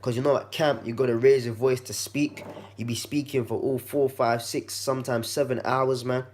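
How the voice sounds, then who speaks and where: A man with a slightly croaky, congested voice, giving a laid-back how-to demonstration in his kitchen and talking to the viewer like a friend. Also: medium pitch, flat delivery, moderate pace, darkish tone, a little hiss or hum. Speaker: vlogger.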